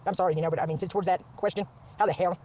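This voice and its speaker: A woman ranting on a livestream, profane and repetitive, swinging from wry laughter to shouting. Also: on the low side, steady tone, very fast, a little hiss or hum. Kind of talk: angry livestream rant.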